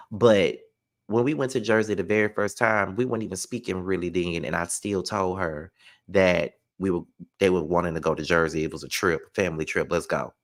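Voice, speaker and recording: Profane, animated storytelling man. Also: low-pitched. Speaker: vlogger. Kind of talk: casual storytime monologue.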